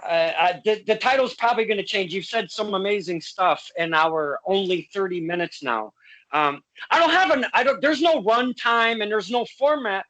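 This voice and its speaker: A woman's voice: medium pitch, animated, moderate pace, a bit bright, rough recording. A woman hosting a casual interview, blunt and passionate, swearing freely and restarting her sentences often. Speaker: interview host.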